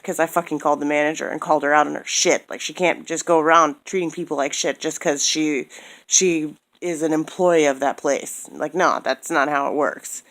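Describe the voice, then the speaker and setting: Low-voiced woman ranting angrily. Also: a bit bright. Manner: heated, profane, repeats herself. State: tired. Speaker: vlogger. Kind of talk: angry personal rant.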